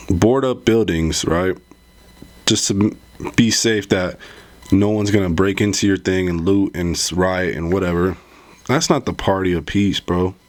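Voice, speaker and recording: A man with a deep, low voice rambles through his political commentary at an easy pace. He talks loosely and conversationally, repeats himself, and drops "bro" into his sentences often. He sounds like a vlogger talking straight to his audience. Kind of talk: casual commentary vlog.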